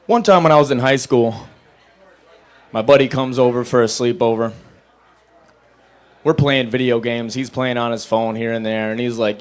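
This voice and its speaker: A young adult man doing a stand-up set at a bar open mic, telling stories in a dry, level voice and breaking into loud acted-out quotes. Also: mid-range voice, normal speed, long pauses. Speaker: stand-up comedian.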